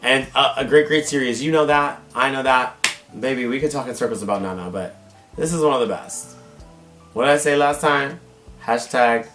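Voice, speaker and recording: A man's voice: mid-range voice, moderate pace, a bit bright. A man hosts a casual manga haul vlog in drag, dramatic and gushing, his voice strained and wearing thin. The room is echoey, and faint guitar music plays behind him. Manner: gushing, dramatic, calls viewers y'all and baby. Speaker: drag queen manga collector, channel host.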